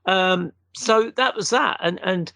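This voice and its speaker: A man, a guest, telling a long anecdote in a casual, animated way and acting out the quotes. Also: high voice, slow pace, gravelly, dry recording.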